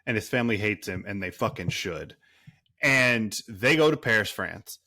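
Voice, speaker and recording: A man's voice: fairly low pitch, animated, moderate pace, bright, forceful tone, no room sound, clean studio sound. A man co-hosting a movie podcast in casual chat, rambling and cursing, full of fillers and restarts. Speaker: podcast co-host.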